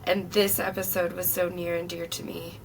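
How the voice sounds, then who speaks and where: A woman's voice: lowish voice, level tone, moderate pace. A woman hosting a podcast interview, encouraging her guest and laughing easily. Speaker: podcast host. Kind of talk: casual interview chat. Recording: distant mic with faint noise.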